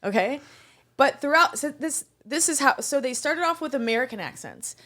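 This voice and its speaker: Lively woman podcast co-host telling stories. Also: high-pitched, normal speed. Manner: animated storyteller, stumbles over words. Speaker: restaurant server. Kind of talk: casual chat, storytelling.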